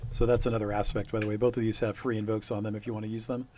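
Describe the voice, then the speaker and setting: A man's voice: lowish voice, little pitch movement, rapid-fire, background noise. A man running a tabletop game, talking casually with lots of hesitations and laughs. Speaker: game master.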